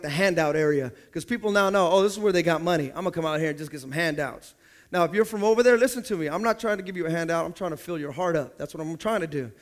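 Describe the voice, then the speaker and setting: A man with a notably high voice preaches to his church, calling out for the congregation to repeat words after him. He slips into quoted voices to act out everyday scenes, then drops back into his preaching. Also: a bit bright. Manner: call-and-response preaching, acting out people in quoted voices. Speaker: pastor. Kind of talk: sermon.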